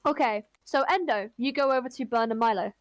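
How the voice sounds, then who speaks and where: A woman's voice: on the high side, fairly quick, no echo. A woman running a tabletop game as game master, narrating scenes and voicing the characters lightly.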